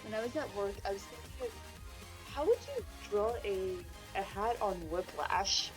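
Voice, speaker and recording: A woman's voice: medium pitch, expressive, moderate pace, soft background music, low-quality recording. A woman chatting as a friend on voice chat, cheeky and giggly.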